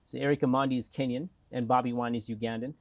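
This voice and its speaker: Animated South African man, interview guest. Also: medium pitch, quick pace, no echo. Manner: animated storytelling with lively acted quotes. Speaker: mayoral candidate guest. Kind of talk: casual interview talk.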